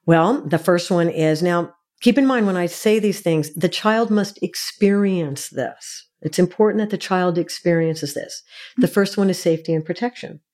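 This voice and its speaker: A middle-aged woman with a somewhat low, mellow voice, speaking as a guest expert. She explains in an earnest, teacherly way, counting through her points one at a time. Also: normal speed. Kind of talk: explaining in an interview.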